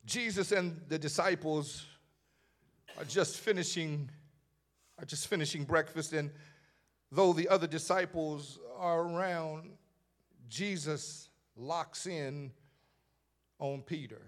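A man's voice: a little high, takes it slowly, long pauses. A man preaching a sermon, emphatic and repetitive, swelling into a sing-song cadence.

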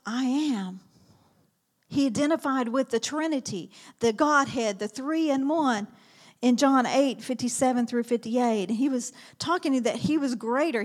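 A woman teaching a sermon, reading Bible verses aloud in an earnest manner and dropping to a whisper at key words. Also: on the high side.

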